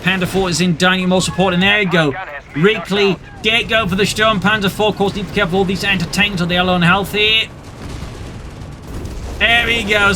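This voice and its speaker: A man casts a war strategy game with brisk, excitable play-by-play and a wry streak. His voice sits notably high for a man. Loud game gunfire and artillery rumble beneath his commentary. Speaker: game caster. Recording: commentary over loud game battle sound.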